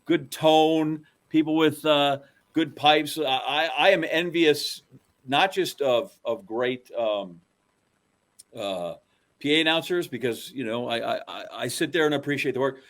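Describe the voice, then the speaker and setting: A man's voice: medium pitch, unhurried, fairly bright tone. Rambling, self-deprecating male co-host. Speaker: podcast co-host. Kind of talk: casual chat.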